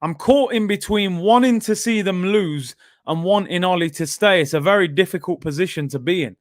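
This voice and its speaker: A young man hosting a live football watchalong, bantering with chat and reacting loudly to the game. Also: high-pitched, normal speed, dry recording, studio quality. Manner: banter-heavy, erupts into shouting at goals. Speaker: watchalong host.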